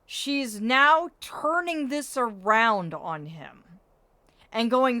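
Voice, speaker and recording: A woman's voice: a little high, expressive, very slow, pushed and bright, dry recording. A woman streaming a game, chatting casually and theorizing in a playfully dramatic way.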